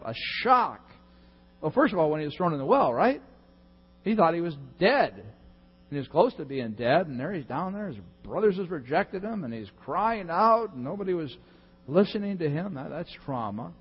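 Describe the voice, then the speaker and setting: Male pastor, conversational sermon, husky voice, chatty and joking, long church-hall echo. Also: mid-range voice, lo-fi sound. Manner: chatty and joking, with many fillers and asides.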